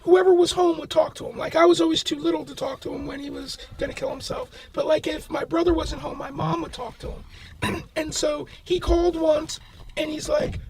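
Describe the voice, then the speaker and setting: A man with a strikingly high, gravelly voice tells a spooky family story in loose podcast chat. He rambles, swears casually, and slips into short bits of the people in the story. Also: fairly even intonation, moderate pace.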